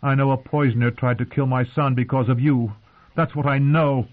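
A proud young queen, voiced by a man, sharp and accusing. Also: mid-range voice, steady tone, moderate pace, pitched above the performer's own voice, natural voice. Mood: bitter. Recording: narrow phone-like sound.

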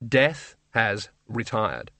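Male reader as a calm, empty hooded spirit: slow, toneless, dry close read. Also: on the low side, no room sound, heavily acted. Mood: flat.

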